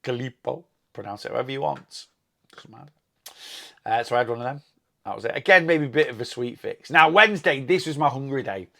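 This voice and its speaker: A man talks through his week in a casual vlog, rambling happily and lingering on the food he loves. His voice has a gravelly, fry-tinged edge at a middling pitch. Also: animated, a little fast, bright, forceful tone. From England. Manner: chatty, rambling, enthusiastic about food. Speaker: weight loss vlogger.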